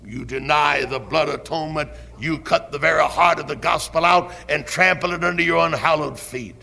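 A man preaching a fiery old-time sermon with a Southern accent, impassioned and building to shouts with drawn-out emphasis. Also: fairly high pitch, creaky. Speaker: pastor. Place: church sanctuary. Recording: 1970s church recording with long hall reverb.

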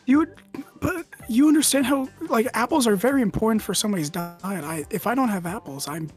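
A woman's voice: on the high side, brisk, faint music behind, lightly acted. A woman playing a nervous young male prisoner in a tabletop game, hesitant and stammering. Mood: pleading. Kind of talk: tabletop role-play.

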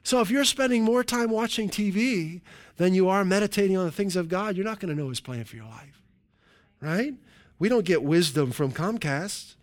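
A man preaching a sermon in an animated way, with frequent calls of hallelujah and joking asides to the congregation. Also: sits high, normal speed. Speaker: pastor.

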